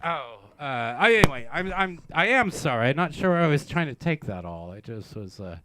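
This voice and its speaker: A man's voice: very animated, normal speed, pushed and bright, dry recording, faint music behind. A male host of a comedic variety show, rambling with many hesitations in a mock-solemn way. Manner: rambling, hesitant, mock-solemn, breaks into high laughing apologies. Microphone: studio microphone.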